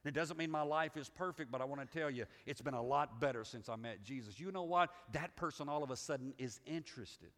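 A man's voice: medium pitch, fast, few pauses, fairly bright tone, long reverb tail. A middle-aged man with a Southern US accent preaching a sermon as pastor, in a folksy, conversational way with restarts and repeats. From Southern United States.

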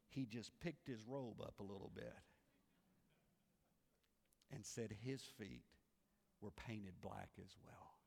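A man's voice: mid-range voice, a little slow, vocal fry, slightly rough. A man preaching a sermon as pastor, telling a story earnestly and repeating phrases for weight. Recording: reverberant hall.

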